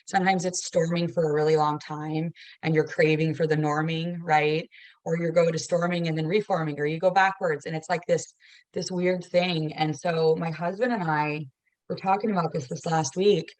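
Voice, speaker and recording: Earnest low-voiced mother, dry sound. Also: fairly even intonation, a little mellow, no echo, rough recording. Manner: earnest, reflective, quick bursts of speech. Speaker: mother of a child with a rare disease. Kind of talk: casual sharing in a support group.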